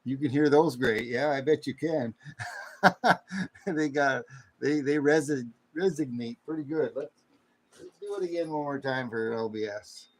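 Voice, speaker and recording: A man's voice: mid-range voice, measured pace, low-quality recording. Folksy man, livestream host. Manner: folksy, greets chatters with loud whoops. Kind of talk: late-night casual livestream chat. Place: home studio with air conditioner running. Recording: faint air conditioner hum.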